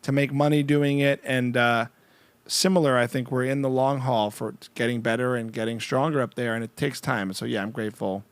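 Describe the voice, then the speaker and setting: A man's voice: mid-range voice, fairly even intonation, fairly quick, smooth, dry recording. A man hosting a podcast and chatting casually with a guest, joking around and trying out impressions. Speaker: podcast host. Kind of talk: casual chat.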